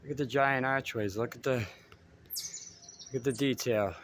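A man's voice: medium pitch, a little slow, fairly bright tone, slight background noise. Out-of-breath man walking and talking. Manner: chatty, addresses viewers directly. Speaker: vlogger. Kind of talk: casual walking vlog. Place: outdoors on a hilly school campus.

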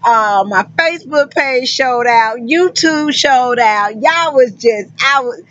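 A woman's voice: high-pitched, slow, fairly bright tone, no echo, dull audio. A woman truck driver and recruiter talking casually to her viewers, effusive and folksy, calling them honey and child. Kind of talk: casual vlog talk to viewers.

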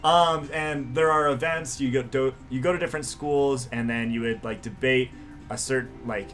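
A man's voice: medium pitch, steady tone, moderate pace, fairly bright tone, faint music behind. A young man co-hosting a let's play, telling rambling stories and laughing often. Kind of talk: casual gaming commentary.

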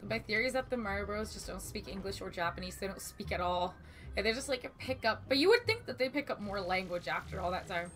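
A woman streaming a video game, chatting casually, swearing freely and breaking into sudden loud exclamations. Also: mid-range voice, animated, fast talker, a little hiss or hum. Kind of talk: casual gaming commentary.

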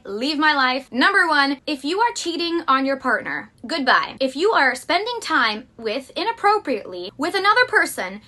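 A woman's voice: high-pitched, sharp tone. A woman vlogger giving blunt, emphatic advice and telling personal anecdotes.

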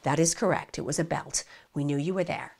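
A woman's voice: low-pitched, a little fast, vocal fry, darkish tone, pitched below the performer's own voice. A woman voicing a pushy male police interrogator with an American accent, impatient and leading.

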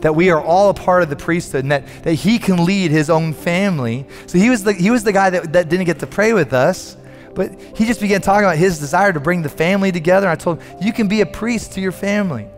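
A man's voice: high-pitched, fast talker. A man preaching a sermon as a pastor, telling a story earnestly and often repeating words as he builds up. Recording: long hall reverb with faint music.

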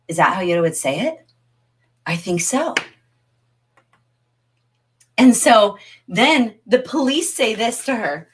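A middle-aged woman teaches a literature lesson on a livestream. She talks in a chatty, animated way and reacts to viewers' comments. Her voice sits at an ordinary middle pitch. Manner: animated, chatty, reads chat comments aloud.

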